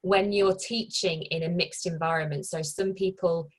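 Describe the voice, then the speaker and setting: A woman moderating a webinar over a video call, thanking the speaker and reading out audience questions in a brisk, appreciative way. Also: lowish voice, fairly even intonation, low-quality recording.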